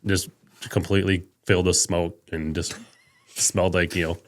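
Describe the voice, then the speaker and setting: A man's voice: deep voice, little pitch movement, normal speed. A man, a fruit grower as podcast guest, telling stories in a laid-back casual chat.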